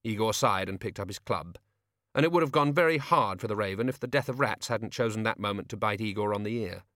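Man reading an audiobook, low voice, dry close sound, wry. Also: fast talker, a bit bright, no room sound. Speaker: narrator. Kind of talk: audiobook narration.

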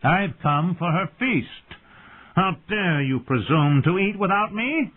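A man's voice: expressive, slow, full character voice. A man voicing a drunken, arrogant young exiled king whose voice is thick with wine. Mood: drunken rage. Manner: slurred, thick with wine, shrill and demanding. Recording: tinny phone-like audio.

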